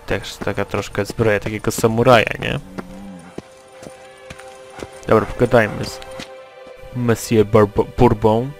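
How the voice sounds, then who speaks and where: Man with a flat, low let's-play voice. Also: moderate pace, pauses often. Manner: casual, chatty. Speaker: gameplay commentator. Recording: game music playing behind.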